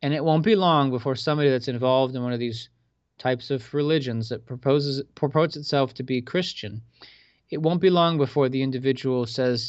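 A man's voice: mid-range voice, a little fast, dry recording. A man hosting a radio show, giving casual religious commentary in a preachy, conversational way with sarcastic asides. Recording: dull lo-fi sound.

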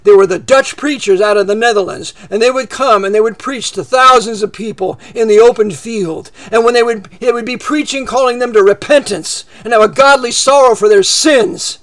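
A man's voice: extremely high pitch, normal speed, few pauses, fairly bright tone. A man preaching a fiery political sermon, heated and sarcastic, rambling with restarts.

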